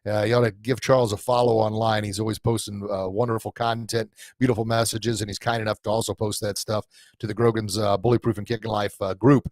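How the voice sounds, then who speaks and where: A man's voice: on the low side, dry recording. Rambling middle-aged man hosting a live talk. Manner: rambling, warm-hearted, with many fillers and restarts. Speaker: podcast host and coach. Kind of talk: live-streamed casual talk to listeners. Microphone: camera mic in front of him.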